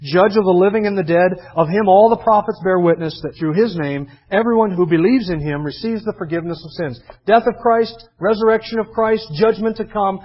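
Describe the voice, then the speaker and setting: In a dull, lo-fi recording, a high-voiced man delivers an expository sermon a little fast and with few pauses. He reads scripture aloud with emphasis, adding his own commentary between passages.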